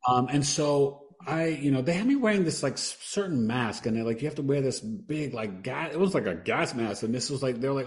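As a podcast guest, a man earnestly tells a personal story, acting out what people said, trailing off and starting again. His voice is medium in pitch and a little mellow, and he speaks a little fast with few pauses.

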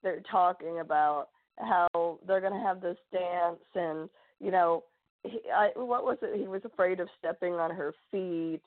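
Low-voiced woman chatting, phone-like sound. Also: unhurried, no room sound. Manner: animated, rambling, jokey. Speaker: podcast co-host. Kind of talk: casual chat. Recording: tinny phone-like line.

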